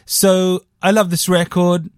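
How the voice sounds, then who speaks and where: A man's voice: high voice, little pitch movement, slow pace, no room sound, studio quality. A man hosting a podcast, chatting casually about a record in a rambling, jokey way with crude asides. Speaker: podcast host reviewing a record. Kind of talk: casual chat.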